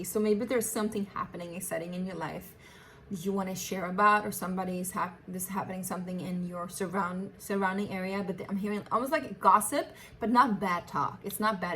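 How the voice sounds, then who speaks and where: Woman, tarot reader, warm chatty delivery, affectionate, faint hiss behind. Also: medium pitch, steady tone, fairly quick. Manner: chatty, affectionate, laughs often, restarts phrases. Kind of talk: casual tarot reading to camera.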